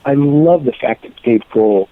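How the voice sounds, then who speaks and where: A man's voice: medium pitch, animated, unhurried, loud music behind the voice. An older man and musician, casually telling rambling stories in an interview and correcting himself as he goes. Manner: rambling, anecdotal, self-correcting. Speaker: musician guest. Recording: tinny phone-like line.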